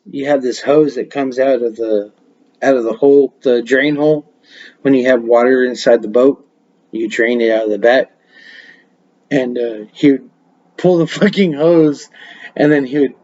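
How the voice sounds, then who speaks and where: Over a muffled webcam-mic recording, a man with a mid-range, somewhat dark voice hosts a laid-back podcast. He rambles from story to story, swearing and laughing along the way.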